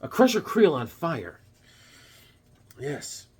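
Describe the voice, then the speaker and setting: A man's voice: on the high side, big pitch swings, slow pace, husky. A man hosting a casual comic book review, rambling and telling corny jokes as he talks. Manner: rambling and jokey, full of corny puns and asides. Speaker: comic book collector and channel host.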